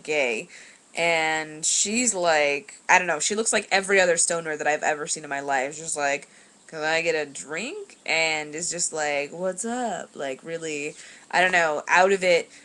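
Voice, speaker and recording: A woman's voice: low voice, sharp tone. A young woman telling a rambling story in a casual vlog, full of fillers and laughing as she goes, recorded on a webcam indoors at home. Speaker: vlogger.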